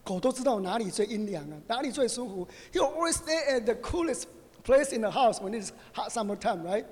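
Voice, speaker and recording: A middle-aged man preaching a conversational sermon, animated and joking, often asking his listeners "right?". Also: very high-pitched, fairly quick. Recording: long reverb of a hall.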